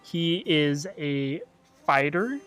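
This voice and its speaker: Young dude describing his character, slow and easy, bit high voice, faint music. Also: expressive, fairly bright tone. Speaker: player. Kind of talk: casual tabletop play.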